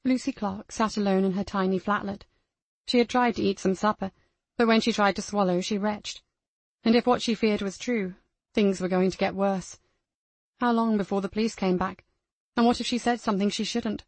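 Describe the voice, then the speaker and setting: A woman reading a crime novel aloud as the narrator, in a measured storytelling manner. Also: mid-range voice, fairly even intonation, dry recording. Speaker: audiobook narrator. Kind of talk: scripted narration.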